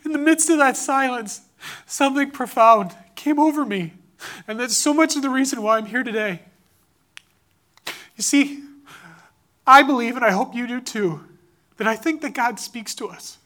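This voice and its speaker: A man's voice: extremely high pitch, moderate pace, pauses often, pushed and bright. A man giving an earnest, impassioned sermon-style testimony, telling a personal story about his son. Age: adult father.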